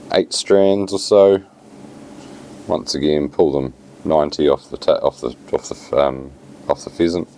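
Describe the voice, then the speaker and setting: A man with a New Zealand accent walks through a fly tying tutorial in a casual, relaxed, plain-spoken way, using lots of fillers. His voice rumbles low and creaky, and there's a slight hiss or hum on the recording.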